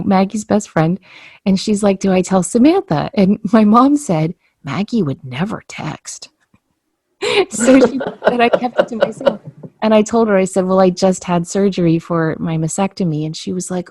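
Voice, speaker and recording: A woman's voice: medium pitch, no echo, studio quality. A woman telling a personal story in a casual podcast conversation, acting out the dialogue as she goes. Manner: animated storyteller, acts out quoted dialogue.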